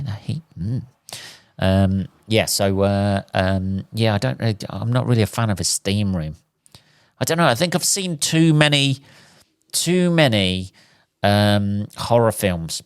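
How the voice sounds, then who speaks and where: A man's voice: lowish voice, dry recording, studio quality. A man hosting a solo podcast, talking in a sweary, rambling comic rant. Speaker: podcast host. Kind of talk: casual solo podcast monologue.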